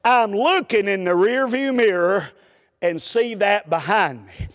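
A man, a preacher telling a humorous story in a folksy, animated way during a sermon. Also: sits high, measured pace, long reverb tail.

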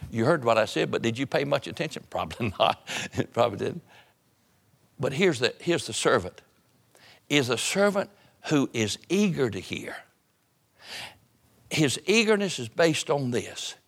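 A man preaching a sermon to his church in a conversational way, repeating phrases and dropping his voice low for emphasis. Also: gravelly, a bit bright. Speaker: pastor.

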